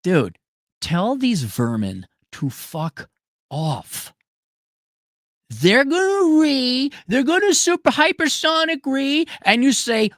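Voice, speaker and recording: A man's voice: a little high, very animated, measured pace, a bit bright, no room sound, studio quality. A man delivering a profane, sarcastic ranting monologue, breaking into mocking voices. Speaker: commentator.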